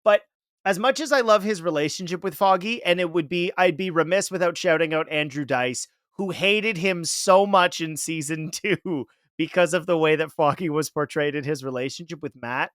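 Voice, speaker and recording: A man's voice: fairly high pitch, normal speed, a bit bright, no room sound, studio quality. A man hosting a podcast, talking casually and rambling as he searches for words. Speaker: podcast host.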